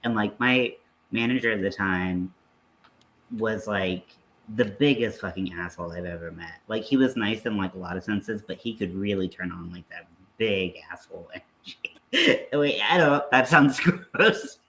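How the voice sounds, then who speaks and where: A man co-hosting a livestream tells stories in a loose, swearing, laughing way. His voice sits fairly low, and a faint hiss runs under the recording. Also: normal speed, bright, forceful tone. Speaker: livestream co-host. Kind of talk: casual chat.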